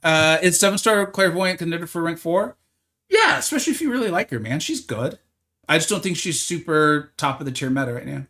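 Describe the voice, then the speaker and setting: A man's voice: fairly high pitch, lively intonation, a little fast, sharp tone. A man streaming a video game live, chatting casually and answering viewers' comments as he plays. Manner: chatty, answers viewer chat, frequent restarts. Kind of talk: casual livestream chat while playing.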